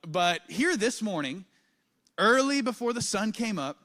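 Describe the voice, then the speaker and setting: A male pastor, preaching a sermon with animated storytelling and big swings in pitch and loudness. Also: measured pace. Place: church auditorium.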